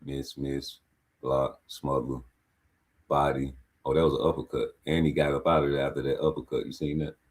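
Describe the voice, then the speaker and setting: With a bass voice at normal speed, a man commentates on a boxing match in a relaxed way. He uses crude, blunt street slang, calls out each move on screen, and animatedly answers back to the fighters.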